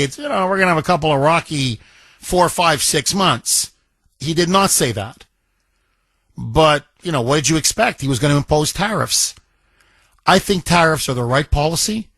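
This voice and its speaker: A man's voice: fairly high pitch, a bit bright, husky, no echo. A man hosting a talk radio show, taking callers and giving emphatic commentary, stressing words by repeating them.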